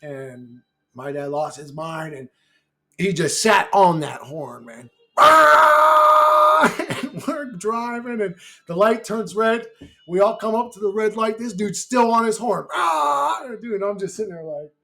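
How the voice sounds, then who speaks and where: A man's voice: sits high, lively intonation, unhurried, fairly bright tone. A man telling a rambling personal story to camera in a brash, profane way. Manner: brash, heavy swearing, rambling. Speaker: YouTuber. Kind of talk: casual storytelling.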